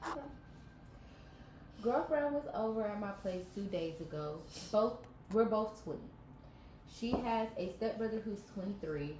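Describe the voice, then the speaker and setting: A woman's voice: medium pitch, lively intonation, unhurried. A woman co-hosting a podcast with a stuffy nose, reading a story aloud and breaking off to react and joke. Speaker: podcast co-host reading stories. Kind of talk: casual story reading and chat. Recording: echoey room with background noise.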